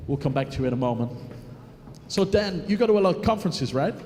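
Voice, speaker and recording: A man's voice: fairly high pitch, expressive, quick pace, a little mellow, a little hiss or hum. A man hosting a live event on stage, bantering and teasing the crowd while filling time. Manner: chatty, joking, teasing the crowd. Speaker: event host. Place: large conference hall on stage. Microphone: stage microphone. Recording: long reverb in a large hall.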